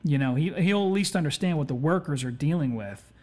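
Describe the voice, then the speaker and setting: A man's voice: fairly high pitch, animated, a little fast, a little mellow. A man hosting a podcast, telling a story in a laid-back, chatty way, swearing constantly and saying "you know" a lot. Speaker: podcast host. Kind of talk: casual storytelling.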